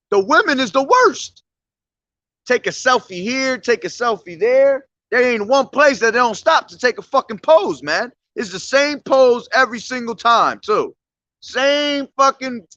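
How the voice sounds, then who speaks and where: A man's voice: extremely high pitch, pushed and bright, dry recording, lo-fi sound. A man preaching on the street in a blunt, profane, confrontational way.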